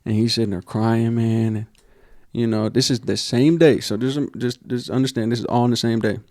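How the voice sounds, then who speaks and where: A man's voice: mid-range voice, steady tone, moderate pace, darkish tone, no room sound, clean studio sound. A young man, co-hosting a casual podcast and telling a heartfelt personal story full of slang and fillers. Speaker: podcast co-host.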